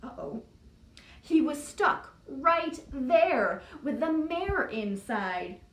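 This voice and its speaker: A woman's voice: sits high, sing-song, extremely slow. A woman librarian reading a picture book aloud to young children in a sing-song storytime style, putting on voices. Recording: echoey room, distant mic.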